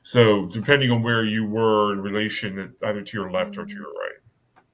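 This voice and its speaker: Low-voiced man running a tabletop game. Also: steady tone, a bit bright. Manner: halting, many fillers and restarts. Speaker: game master.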